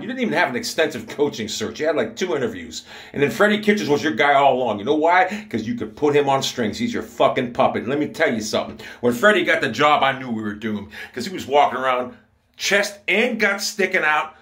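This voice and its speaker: A man's voice: mid-range voice, fairly bright tone. A man from Ohio ranting angrily and profanely about his football team. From Ohio, USA. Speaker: sports commentator. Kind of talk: angry fan rant.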